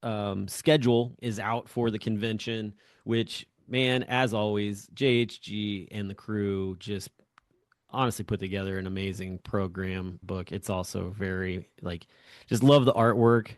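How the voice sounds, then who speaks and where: A man's voice: lowish voice, fairly even intonation, a little slow, no room sound, studio quality. A man co-hosting a podcast, speaking in an upbeat, enthusiastic way in casual chat. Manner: upbeat, enthusiastic, laughs often. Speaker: podcast co-host.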